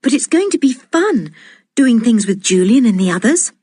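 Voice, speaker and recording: A stubborn tomboy girl, curt and decided, pitched a little above the reader's own voice, as a woman puts her on. Her tone is breathy and dry. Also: very animated, moderate pace, dark tone, no echo. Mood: blunt.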